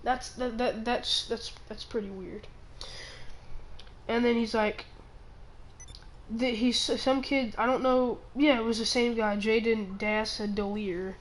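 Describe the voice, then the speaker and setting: A teenage girl ranting on her own channel, rambling and halting with many restarts, sounding indignant. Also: fairly high pitch, steady tone, poor audio. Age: teens. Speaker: channel owner. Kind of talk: ranting vlog.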